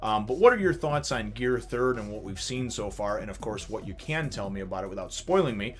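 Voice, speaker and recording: A man casually reviewing a comic chapter, animated and rambling, often laughing as he retells it. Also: on the low side, a little fast, faint music behind. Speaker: manga review channel host.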